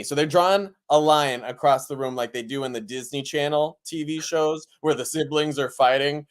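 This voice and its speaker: A man's voice: on the high side, normal speed, few pauses. A man co-hosting a comedy podcast who reads Bible passages aloud and breaks into joking, laughing riffs. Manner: playful, reads scripture then riffs with laughter. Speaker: podcast co-host. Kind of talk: comedic Bible reading and banter.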